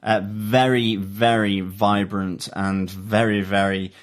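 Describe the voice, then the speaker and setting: A man's voice: fairly low pitch, level tone. Male co-host, casual podcast chat, enthusiastic, hesitant phrasing. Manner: enthusiastic, halting with many fillers.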